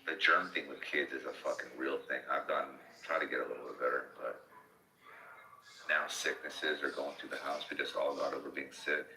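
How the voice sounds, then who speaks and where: A man chatting casually on a podcast, swearing freely and jumping up in pitch to act out his own outbursts. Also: fairly quick. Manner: profane, animated, jumps up into mock shouting when quoting himself. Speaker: podcast host. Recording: echoey room.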